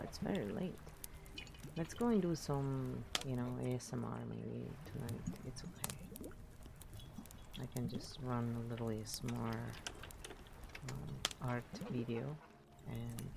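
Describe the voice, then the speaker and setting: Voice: medium pitch, gravelly, noisy background. A live streamer sounding tired, chatting casually and rambling with many fillers.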